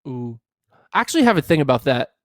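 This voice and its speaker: A man with a Northeastern Pennsylvania accent co-hosting a podcast in casual banter, animated and defensive, with stammering restarts. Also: medium pitch, fast talker, no echo, clean studio sound. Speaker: podcast co-host.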